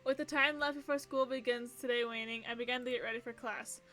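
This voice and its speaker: Quiet game music sits in the background as a streamer reads out a game's narration at a quick pace. Her voice is high and bright, and she repeatedly breaks off into gushing, excited reactions.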